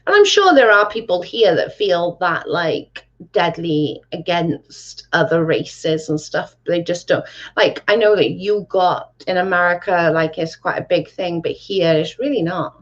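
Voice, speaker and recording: A woman's voice: fairly low pitch, lively intonation, a little slow. A woman hosting a casual livestream and reading chat. She talks bluntly, swears freely and says "like" a lot. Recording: dull lo-fi sound.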